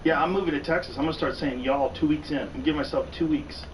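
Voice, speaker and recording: A man's voice: on the high side, fairly even intonation, fast talker. A man hosting a podcast chats casually, blunt and joking, with plenty of swearing. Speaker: podcast host. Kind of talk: casual conversation. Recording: distant podcast audio with faint noise.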